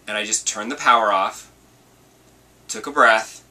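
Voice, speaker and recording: A man hosting a video podcast, telling a story in a chatty, animated way. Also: on the low side, a little slow, distant mic. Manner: chatty and animated, acts out quotes. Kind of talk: casual storytelling vlog.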